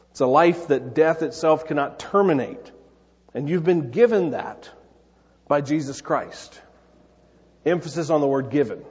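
A male pastor delivers his sermon in a slightly high, husky voice, earnest and conversational, slipping into quick playful asides. The sound is dull and lo-fi, with a long reverb from a large church hall.

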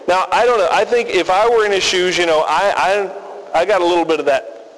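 Pastor preaching, kinda high voice, emphatic with folksy asides, echoey hall. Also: male voice, expressive, moderate pace. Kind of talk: sermon. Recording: hall reverb.

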